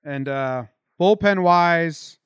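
A young man co-hosting a sports podcast, talking in a quick, opinionated, loose way. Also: a little high, clear, resonant tone, no echo, clean studio sound. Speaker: podcast co-host. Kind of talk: casual sports podcast chat.

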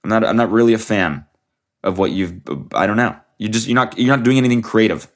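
A man's voice: on the low side, fairly quick. A young man hosting a solo podcast, rambling casually with lots of swearing and restarts while sick. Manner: rambling, profane, trailing off and restarting. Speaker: podcast host.

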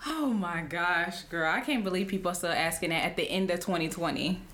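A young woman with a slightly low but bright voice hosting a casual podcast. She reacts quickly and wraps up the episode in relaxed, informal speech. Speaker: podcast host. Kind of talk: casual chat.

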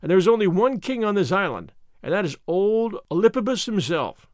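Guy reading as a brash young consul, big talk, high lively voice, dry sound. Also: normal speed, no echo. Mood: confident. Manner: forceful, boastful declarations. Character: bold boastful young American consul, man.

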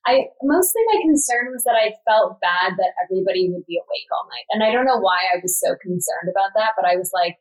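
A woman's voice: medium pitch, quick pace, few pauses, low-quality recording. Chatty woman telling a story animatedly. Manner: animated, filler-heavy retelling with frequent "like". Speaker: podcast guest. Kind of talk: casual storytelling.

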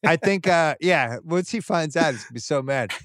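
Man, middle-aged, lilt, podcast host; brisk animated storyteller, slightly high voice, dry close mic. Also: no room sound. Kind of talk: casual chat.

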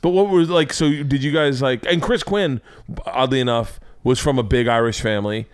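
A man's voice: medium pitch, normal speed, smooth, no room sound, studio quality. A middle-aged man hosting a podcast, telling funny stories in casual chat, giggling hard and swearing freely. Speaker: podcast host. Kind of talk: casual comedic storytelling chat.

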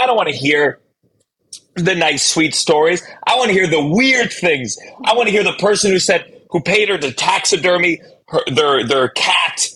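A man with a slightly raised, husky voice talks as a guest comedian. He jokes at his own expense and tumbles through restarts while telling stories. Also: fairly high pitch, pushed and bright, low-quality recording. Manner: quick, self-deprecating jokes with many restarts. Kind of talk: casual interview chat.

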